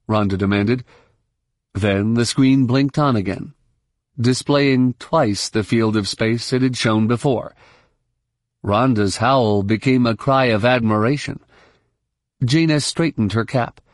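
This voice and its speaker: A man narrates a science-fiction audiobook with steady, measured pacing. His voice is mid-pitched, and the recording is close and dry, with no sense of a room. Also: no echo. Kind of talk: scripted narration.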